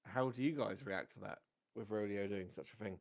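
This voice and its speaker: A man, narrating a tabletop game as game master in a relaxed, chatty way. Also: fairly low pitch, a little fast, gravelly.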